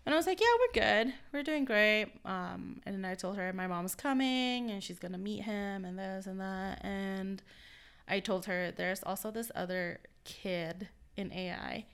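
A woman's voice: medium pitch, fairly even intonation, unhurried, smooth. A young woman co-hosting a podcast, casually telling a story about a friend and acting out what people said. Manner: storytelling, quotes others in her tales. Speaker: podcast co-host. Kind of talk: casual chat.

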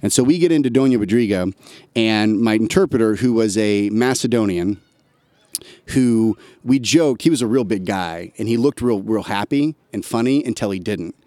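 An army veteran appears as a guest on a podcast, telling a long story in a loose, slangy, conversational chat. His lowish voice is mellow, moderately paced, and free of room sound.

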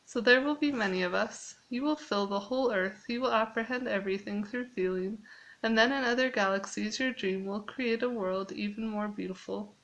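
A woman reading aloud as a calm, patient fatherly creator god who speaks softly. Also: medium pitch, normal speed, close to an everyday voice, low-quality recording. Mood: gentle.

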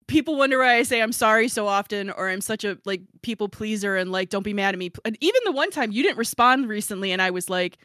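A woman's voice: mid-range voice, animated, fast talker, hardly any pauses, fairly bright tone, no echo, studio quality. A woman hosting a podcast and chatting casually, rambling and self-deprecating with frequent giggles. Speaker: podcast host and author. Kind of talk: casual chat.

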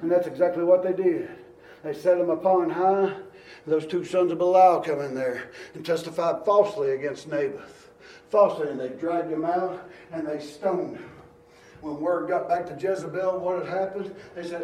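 A man preaching a sermon, moving between quiet storytelling and shouted exhortation. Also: on the high side, moderate pace, distant mic, slight background noise. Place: church. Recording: echoey church hall.

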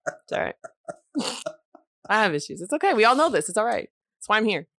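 A woman in her thirties from New Jersey with a Jersey accent. She co-hosts a podcast in casual chat and talks in an animated, profane way, often mimicking other people. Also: medium pitch, brisk, no room sound. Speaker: podcast co-host.

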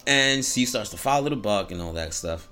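A man's voice: fairly low pitch, expressive, moderate pace, sharp tone, faint music behind. A man casually retelling a story in slang, breaking off into preachy asides about hope. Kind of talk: casual storytelling with a moral message.

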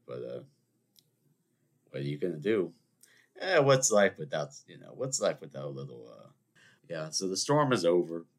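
A man hosts his own podcast in a loose, rambling monologue, often joking at his own expense. His voice sits fairly low but swings up and down a lot as he gets animated. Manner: rambling, animated and self-mocking. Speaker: podcast host. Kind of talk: casual solo monologue.

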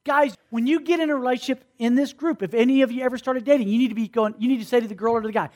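A man's voice: very high-pitched, fairly even intonation, very fast, few pauses, darkish tone. A man, a youth pastor preaching, telling stories, acting out characters and calling for responses from the group. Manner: storytelling, acts out characters, calls for responses. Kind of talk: sermon.

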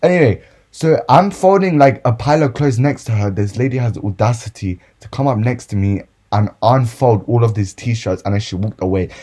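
A man's voice: medium pitch, fairly quick, warm tone. A young man, ranting casually and profanely about customers while telling retail stories for a podcast. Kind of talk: casual storytime rant.

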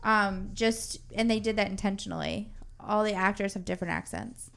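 A woman co-hosting a casual podcast, recapping a film's plot at length with frequent pauses and self-corrections. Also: medium pitch, vocal fry, fairly bright tone. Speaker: podcast co-host.

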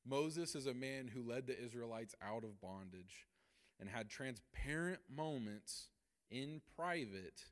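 Energetic man teaching Bible study. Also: medium pitch, unhurried. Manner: energetic, laughs often, acts out quotes. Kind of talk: church Bible study lesson.

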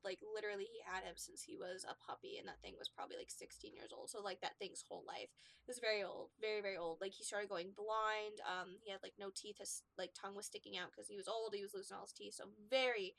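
A woman's voice: medium pitch, steady tone, brisk, gravelly, fairly bright tone, no echo. A young woman on a podcast telling a long casual story, rambling and laughing often. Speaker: podcast host. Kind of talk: casual chat.

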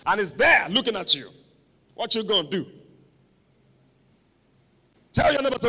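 A man preaching a sermon, dramatic and animated, with call-and-response to the congregation. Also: sits high, a little fast. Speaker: pastor. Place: church hall. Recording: long echo of a large hall.

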